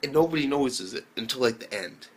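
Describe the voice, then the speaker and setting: A young man giving a casual, profane review of an episode, full of slang and sudden high exclaimed reactions. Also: expressive, normal speed, fairly bright tone, breathy edge. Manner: heavy swearing and slang, jumps into high-pitched exclaimed reactions. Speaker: anime reviewer.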